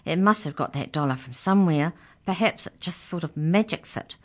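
Storybook girl, bossy and pushy, raised pitch, read by a woman. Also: animated, moderate pace. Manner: pushy, scornful. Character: bossy bold young girl, scheming.

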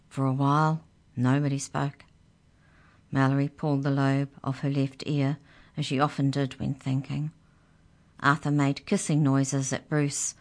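A woman reads a children's story aloud for radio. Her voice sits low, and she chats gently with her young listeners between scenes.

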